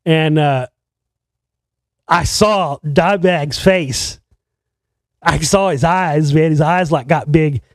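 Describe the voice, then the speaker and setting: A man's voice: a little high, slow pace, pauses often, dry recording. A man who makes films tells a rambling, profane story in a casual way, often restarting his sentences. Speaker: filmmaker telling a story.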